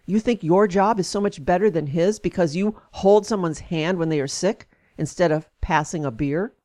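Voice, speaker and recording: Woman giving an expressive read-aloud. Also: lowish voice, moderate pace. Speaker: speaker reading an essay aloud. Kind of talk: reading aloud, then commenting.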